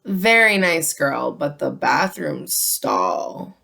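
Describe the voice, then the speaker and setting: A woman's voice: low-pitched, very animated, vocal fry, sharp tone. A young woman telling a casual storytime vlog about her job, chatty and full of "like" fillers. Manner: chatty, frequent "like" fillers, unhurried. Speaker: vlogger telling a work story.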